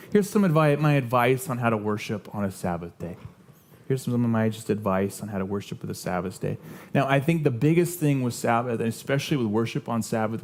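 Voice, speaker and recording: A man's voice: mid-range voice, darkish tone, slight background noise. A young adult man preaching a sermon as pastor, earnest and conversational, telling personal stories with frequent restarts. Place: church sanctuary.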